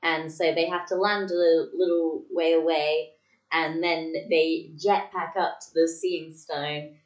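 A woman's voice: deep voice, little pitch movement, unhurried, lo-fi sound. A woman co-hosting a podcast in casual chat, hesitant, with many ums and frequent laughs. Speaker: podcast co-host. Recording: echoey room, distant mic.

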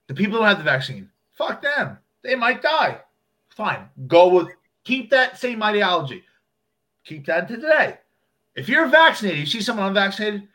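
A man in casual chat who argues animatedly, slipping into imagined voices. His pitch is high and swings widely. His tone is bright. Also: moderate pace. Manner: animated, acts out voices in quotes.

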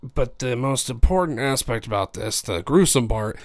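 A man's voice: mid-range voice, expressive, moderate pace. A man co-hosting a casual podcast, with an ordinary mid-range voice. He teases his co-host and swears freely. When he tells a story he rambles, full of uhs and restarts. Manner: teasing, swears freely, laughs loudly when flustered. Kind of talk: casual chat.

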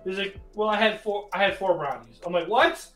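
A man's voice: high-pitched, fairly quick, far from the mic. Guy telling a funny story, keeps cracking up, echoey room, faint music behind. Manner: animated storyteller, often breaks into laughter. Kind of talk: casual storytelling chat. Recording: roomy echo with faint music.

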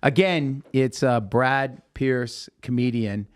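A man's voice: medium pitch, slow. A man hosting a podcast interview, easygoing and asking casually. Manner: easygoing, short affirmations. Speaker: podcast host.

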